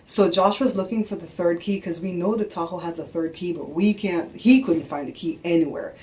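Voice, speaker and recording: A woman vlogger in middle age, speaking in a fairly low register. She tells a story casually and with exasperation, jumping into what others said. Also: fairly quick. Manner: animated, exasperated, acts out quotes.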